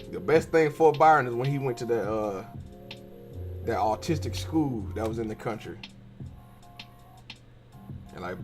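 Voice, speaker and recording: A young man hosting a podcast, telling profane and animated stories in a casual monologue while he draws. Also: mid-range voice. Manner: profane, animated storytelling with slangy cussing. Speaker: podcast host.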